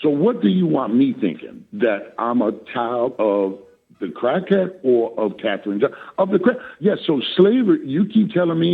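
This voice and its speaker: A man in his sixties, a musician guest in a casual interview, talking in an animated, playful way and acting out both sides of a conversation in a gravelly, husky voice. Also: medium pitch, moderate pace, narrow, tinny audio. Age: 60s.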